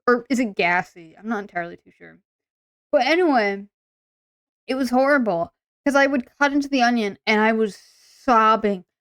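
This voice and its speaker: A woman's voice: a little high, normal speed, fairly bright tone, dry recording. A woman streamer in casual, rambling chat with viewers, full of fillers. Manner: chatty and rambling, many "like" and "um" fillers.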